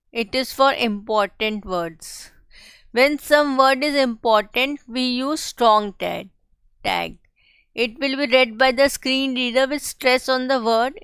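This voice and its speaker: A woman teaching a coding tutorial, explaining each step slowly and carefully. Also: on the high side, a bit bright, clear, resonant tone, dry recording. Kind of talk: screen-share coding tutorial.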